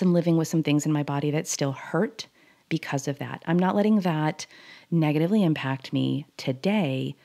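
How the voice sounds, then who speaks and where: A woman's voice: low-pitched, creaky, mellow. A woman in her thirties hosting a personal monologue, earnest and confessional, often laughing at herself. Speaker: host.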